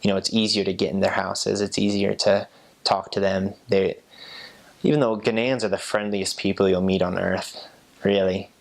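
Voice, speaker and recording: A young American man, a former missionary, telling stories in a relaxed, rambling way. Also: low voice, moderate pace, gravelly. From United States. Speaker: returned missionary. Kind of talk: casual storytelling.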